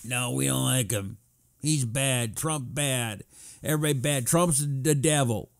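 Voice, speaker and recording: A man's voice: medium pitch, a little slow, gravelly, dry recording, clean studio sound, pitched below the performer's own voice. A man putting on a sulky, childish politician caricature in a mocking, simple-minded way.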